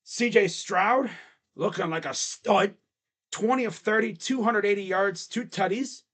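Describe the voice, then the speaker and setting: Young man, high-pitched, casual chatty football recap host. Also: a little slow, a bit bright. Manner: chatty, mocking asides in put-on voices. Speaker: sports picks host.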